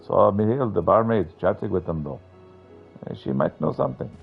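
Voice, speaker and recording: A man reading a gruff shaken tradesman. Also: on the low side, lively intonation, a little fast, phone-quality sound, soft background music. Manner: blunt, swears. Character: shaken male tradesman witness, blunt and gruff.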